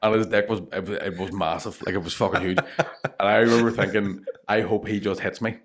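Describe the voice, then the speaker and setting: A young man with a Northern Irish accent, a comedian telling animated stories on a podcast, swearing freely and laughing through them. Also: lowish voice, a little fast. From Northern Ireland. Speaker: comedian guest. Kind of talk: casual storytelling.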